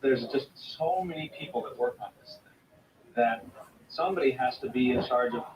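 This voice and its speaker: A man, a film director, giving a relaxed TV interview and explaining his work plainly. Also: medium pitch, moderate pace, noisy background. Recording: TV audio from far off in a roomy space.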